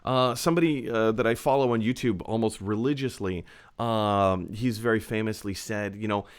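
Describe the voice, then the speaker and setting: A man's voice: on the low side, fairly even intonation, moderate pace, clear, resonant tone. A man hosting a casual film-chat show, talking in an upbeat, chatty way with plenty of fillers. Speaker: host.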